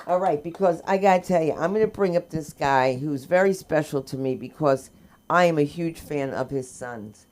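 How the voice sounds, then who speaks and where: Low-voiced woman hyping a comedy crowd. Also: normal speed, very noisy. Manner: hypes the crowd, chatty and teasing. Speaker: open mic host. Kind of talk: hosting a comedy show. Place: comedy club stage.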